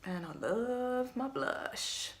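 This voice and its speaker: A woman's voice: fairly high pitch, lively intonation, drawn-out words. A young woman, a makeup artist, chatting to viewers through a makeup tutorial vlog in a self-mocking way.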